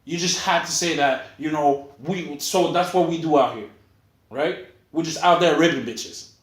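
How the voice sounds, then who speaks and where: Profane, animated storytelling man, echoey room. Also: a little high, moderate pace. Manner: profane, animated, acts out quoted voices. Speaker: podcast co-host. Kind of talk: casual storytelling chat.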